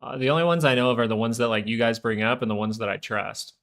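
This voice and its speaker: A man's voice: mid-range voice, fairly even intonation, fast, gravelly, a bit bright. A man hosting a live stock market stream, talking casually in a rambling, chatty way. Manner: rambling, chatty, full of fillers and asides.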